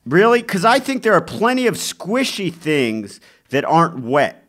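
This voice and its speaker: Playful, lively man in podcast chat. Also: on the high side, unhurried. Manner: playful, argumentative. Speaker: podcast co-host. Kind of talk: casual chat.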